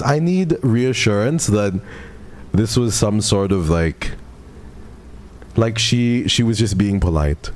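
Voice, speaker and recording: Young male streamer, lowish voice, flustered rambling storyteller with casual swearing. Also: animated, a little slow, a little mellow. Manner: rambling, flustered, heavy on "like" fillers; swears casually, addresses chat as "bro" and "guys".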